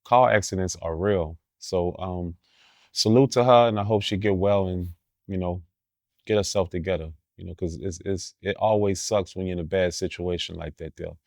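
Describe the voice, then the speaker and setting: A man with a fairly low voice talks in casual, profane street slang as an interview guest. His stories are animated and blunt, with laughs in between. The sound is close and dry. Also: normal speed, gravelly, no room sound.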